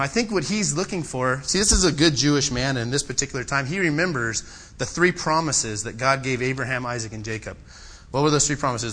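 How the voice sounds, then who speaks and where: A man preaching a sermon, swinging between loud, impassioned pleading and quiet, personal storytelling. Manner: impassioned, rising to loud pleading then dropping low and personal.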